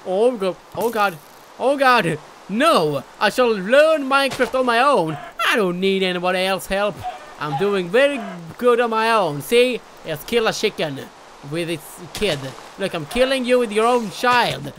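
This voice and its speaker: Excitable young gamer with lively pitch. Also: a little slow, a little hiss or hum, rough recording. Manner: excitable, loud outbursts and mock bravado; swears casually. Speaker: gaming YouTuber. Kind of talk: let's play commentary.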